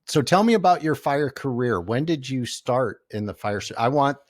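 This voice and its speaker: A man's voice: medium pitch, animated, moderate pace, no echo, clean studio sound. A man hosting a podcast who asks curious, friendly questions in a casual conversational way. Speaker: podcast host, firefighter. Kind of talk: casual interview.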